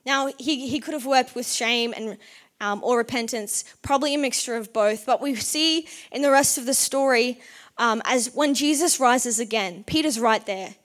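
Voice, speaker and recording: A young woman with a fairly high voice preaches a sermon. She talks earnestly and conversationally, weaving her own story into scripture, with bursts of lively animation.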